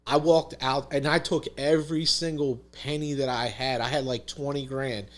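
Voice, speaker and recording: A man's voice: medium pitch, steady tone, normal speed. A man talking as a podcast guest, telling a story in casual conversation, emphatic, swearing freely and saying "dude" and "literally" a lot.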